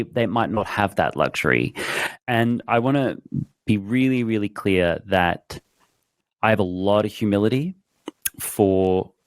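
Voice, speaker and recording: A man's voice: low-pitched, no echo. A man guest on a podcast, telling stories in a reflective, conversational way and acting out his horse's thoughts. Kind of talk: conversational storytelling.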